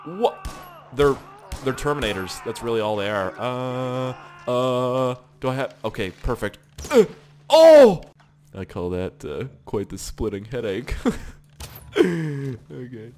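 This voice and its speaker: A man giving casual gameplay commentary, excitable, swearing often and laughing at surprises. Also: medium pitch, a little slow, slight background noise. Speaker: gaming channel host.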